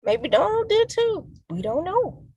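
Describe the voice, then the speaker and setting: A woman's voice: very high voice, big pitch swings, unhurried, darkish tone, no echo, muffled recording. A woman co-hosting a casual TV review podcast, asking incredulous questions about the plot. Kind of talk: casual spoiler review chat.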